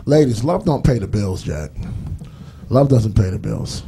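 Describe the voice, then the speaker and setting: On a live stage, a young man with a Boston accent rambles through a stand-up set, filling it with fillers and putting on voices for his bits. His voice sits lowish, gravelly and mellow, animated yet at a measured pace. There's slight background noise.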